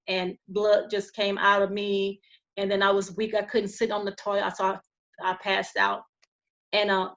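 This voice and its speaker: A woman guest on a podcast, telling a personal story in a calm, earnest way, with frequent restarts and fillers. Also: medium pitch.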